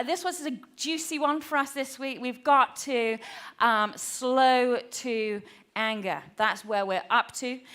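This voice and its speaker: Chatty woman preacher, slightly high voice. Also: fairly bright tone. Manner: chatty and self-deprecating, many fillers. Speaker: pastor. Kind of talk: sermon. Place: church.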